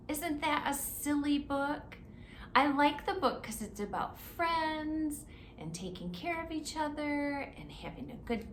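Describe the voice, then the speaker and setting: A woman, a children's librarian, reading a picture book aloud in an animated, playful, expressive way. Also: sits high. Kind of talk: storybook read-aloud for children. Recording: roomy echo, faint hiss.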